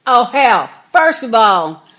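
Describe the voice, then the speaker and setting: A woman's voice: on the high side, sing-song, slow, a bit bright. A woman co-hosting a TV recap podcast, ranting fiercely with profanity and bursts of laughter. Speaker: podcast co-host. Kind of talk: casual TV recap chat.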